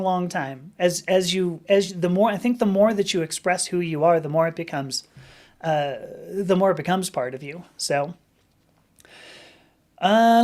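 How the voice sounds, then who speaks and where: A middle-aged woman hosting a casual livestream, answering viewer questions in a chatty, animated storytelling manner. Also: on the low side.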